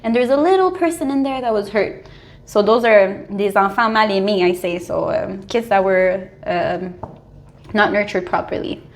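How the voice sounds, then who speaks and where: A young adult woman talking casually as a tarot reader, animated and full of "like"s, often breaking into laughter. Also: mid-range voice, moderate pace. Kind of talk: casual spiritual advice monologue.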